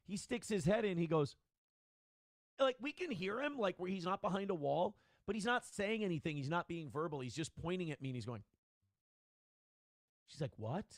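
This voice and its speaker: A man telling a story in an animated, indignant way as a guest on a casual podcast. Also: high voice, normal speed, pauses often, no room sound, clean studio sound.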